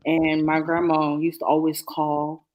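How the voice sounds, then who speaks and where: A woman's voice: deep voice, completely flat delivery, unhurried, background noise. A woman co-hosting a casual podcast chat, telling a heartfelt personal story and speeding up when moved. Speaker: co-host.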